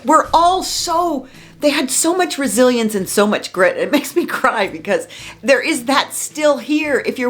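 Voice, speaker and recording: An excitable woman from Southern California hosts a casual history vlog, her voice swooping up and down with enthusiasm. She gushes and doubles back on words for emphasis. Soft music plays faintly behind her. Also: a little high. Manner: gushing, animated, repeats words for emphasis. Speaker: local history vlogger.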